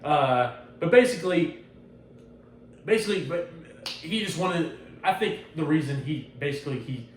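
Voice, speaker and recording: A man hosting a podcast, chatting casually in a loose, profane, animated way. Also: fairly high pitch, moderate pace, recorded from a distance, a little hiss or hum. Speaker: podcast host. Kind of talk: casual chat. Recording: roomy echo, off-mic, faint ambience.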